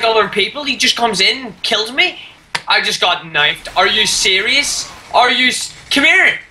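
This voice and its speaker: Bright-voiced woman raging at a game. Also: on the high side, slight background noise, poor audio. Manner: ranting, swearing, yelling at a rival player. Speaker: gamer. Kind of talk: live gameplay commentary.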